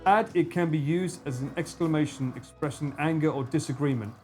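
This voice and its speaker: A young English man with an Essex accent, chatting casually on a stream, animated and swearing, slipping into broad slang. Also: fairly high pitch, a little fast, faint music behind. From England. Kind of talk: casual chat with a co-host and live chat.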